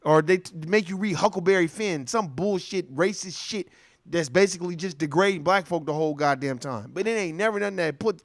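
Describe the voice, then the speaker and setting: A man's voice: sits high, dry recording, studio quality. A young adult man telling stories in a casual, profane monologue, acting out other people's voices along the way. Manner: animated storytelling, acts out voices. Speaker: commentator.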